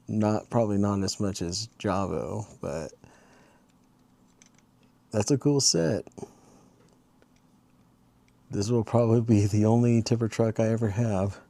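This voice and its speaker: A man's voice: fairly low pitch, gravelly, mellow, no room sound. A man chatting casually in a late-night vlog, rambling into a long meandering story. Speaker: vlogger.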